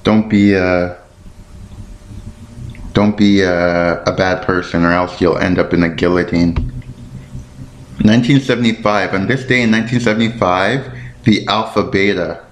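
Deep-voiced and fairly even in intonation, this podcast host talks at a measured pace and pauses often, his sound roomy. Alone on a casual show, he rambles, thinks aloud while looking things up, and stumbles over words, apologizing with self-deprecation.

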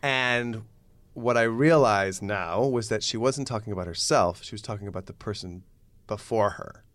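Animated man telling a stage story. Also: lowish voice, normal speed, no room sound. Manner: lively, puts on voices for quoted lines. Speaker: guest storyteller. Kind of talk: animated anecdote.

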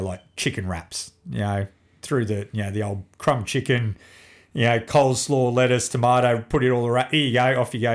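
A middle-aged man, chatting casually as a podcast guest and telling animated family stories with plenty of swearing. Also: medium pitch. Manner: animated storyteller, swears freely, acts out family dialogue. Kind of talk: casual chat.

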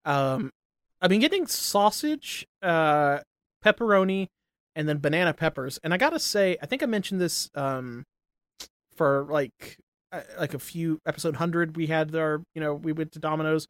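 A man's voice: fairly high pitch, expressive, normal speed, fairly bright tone, no echo, clean studio sound. A young man co-hosting a podcast, wry and teasing in laid-back casual chat. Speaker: podcast co-host.

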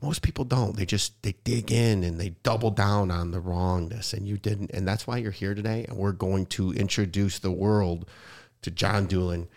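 Male podcast host, deep and gravelly, emotional and rambling. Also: fairly even intonation, normal speed, darkish tone. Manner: emotional, rambling with frequent restarts. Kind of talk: heartfelt conversational interview.

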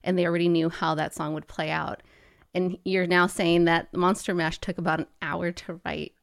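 Chatty woman with a lowish voice. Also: flat delivery, normal speed, vocal fry, dry recording, clean studio sound. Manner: chatty, musing aloud. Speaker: podcast co-host. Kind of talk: casual chat.

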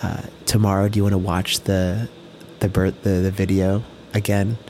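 A young man co-hosting a casual podcast, gentle and reassuring, with loose slangy talk. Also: sits low, little pitch movement, moderate pace. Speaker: podcast co-host.

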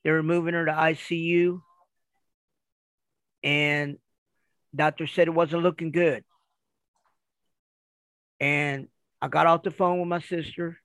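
A middle-aged man from Kansas City talks through his life on tour as a retired wrestler. His voice sits a little high and has a rough, gravelly grain. He tells it casually and animatedly, slipping into the voices of the people he quotes, with a dry, close sound. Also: slow pace, long pauses, dry recording. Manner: animated, acts out quoted dialogue. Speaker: retired pro wrestler, guest. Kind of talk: casual storytelling.

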